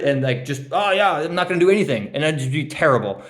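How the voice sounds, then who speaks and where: In an echoey room, a young man with a slightly high, sing-song voice speaks at a measured pace with long pauses. He hands out draft grades to his fantasy league friends in a joking, casual roast, teasing and rambling with lots of ums and laughing at his own jokes.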